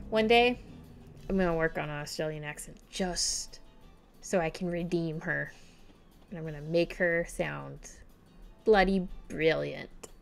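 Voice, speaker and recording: Slow-talking woman chatting over gameplay. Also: on the low side, gravelly. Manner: chatty, self-mocking. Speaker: game streamer. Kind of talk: casual gameplay commentary.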